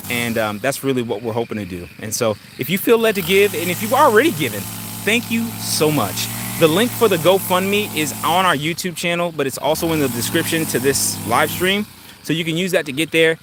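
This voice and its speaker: A middle-aged man with a somewhat high voice hosts a casual live stream from his yard, holding the phone himself. He rambles easily, with plenty of fillers, and greets viewers one by one. Passing cars and engines rumble clearly behind him. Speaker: channel host. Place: outdoors in a yard. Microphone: handheld phone. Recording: outdoor traffic and engine noise.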